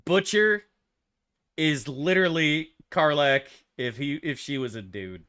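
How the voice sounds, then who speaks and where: A man's voice: on the high side, unhurried, sharp tone, smooth. A man streaming a game, answering his chat in loose, profane, rambling banter. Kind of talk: casual livestream chat, answering chat.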